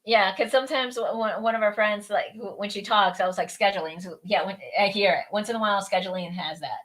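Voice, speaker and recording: Bright-voiced chatty woman co-host. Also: mid-range voice, fast talker. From Philadelphia. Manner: lively, laughing, chatty. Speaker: radio show co-host. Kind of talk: casual chat.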